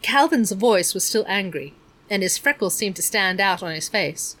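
A woman narrating a storybook aloud in a measured, expressive reading. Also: medium pitch. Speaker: audiobook reader.

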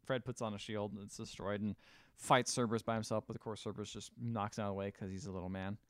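A man's voice: little pitch movement, fast talker, fairly bright tone, no room sound. A man co-hosting a podcast, recapping a film in casual chat, rambling and joking, dry close mic. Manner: rambling, jokey, acts out lines in high silly voices. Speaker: podcast co-host.

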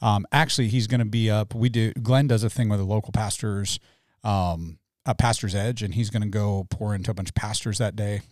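A man co-hosting a church podcast in casual chat, joking and animated with quick jumps in pitch. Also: no room sound, studio quality. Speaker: podcast co-host, church staff.

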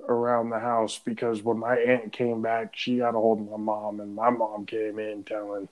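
A man's voice: lowish voice, monotone, moderate pace, highs cut off. A young man casually and loosely telling a story to friends on a podcast, with some swearing. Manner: rambling, profane, loose. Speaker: podcast co-host.

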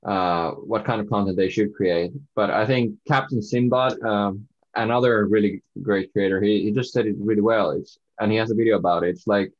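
Finnish-accented man, low and dull. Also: moderate pace, hardly any pauses. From Finland. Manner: hesitant, many restarts and fillers. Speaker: guest content creator. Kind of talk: casual podcast chat.

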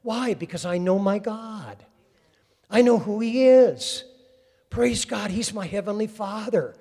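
A man preaching a sermon, fervently calling out to the congregation and swinging from quiet storytelling to loud exhortation. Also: sits high, unhurried, slightly rough, long reverb tail.

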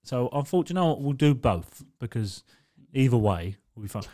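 A man chatting on a podcast in a relaxed, everyday way. His voice sits at a middle pitch, and he rambles, swears casually and laughs a lot as he explains things. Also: moderate pace. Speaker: podcast co-host. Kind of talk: casual chat.

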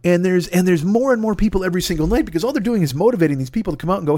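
A man ranting on a comedy podcast, profane and rambling, with frequent exasperated outbursts. His voice sits a little higher than most men's, and it is recorded dry and close on a studio mic with no room sound. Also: animated, very fast, few pauses, a little mellow, no echo.

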